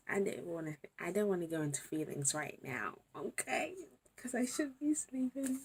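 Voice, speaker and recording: Young woman vlogger, low voice, tired, hushed and emotional, faint hiss behind. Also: expressive, normal speed. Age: young adult. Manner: overwhelmed, drifts between whispering and exclamations. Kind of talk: late-night emotional vlog to camera.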